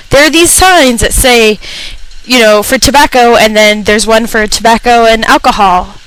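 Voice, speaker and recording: In a rough recording, a young female radio host with a slightly high, somewhat bright voice vents about retail shoppers. The rant is funny, exasperated and full of profanity, and she acts out the customers she describes.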